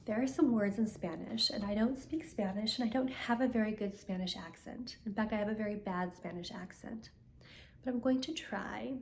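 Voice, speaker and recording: An older woman, the show's host, reading a picture book aloud in a gentle, chatty way. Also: mid-range voice, moderate pace, creaky, roomy sound, slight background noise. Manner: gentle, chatty explanations, careful with foreign phrases. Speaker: storyteller.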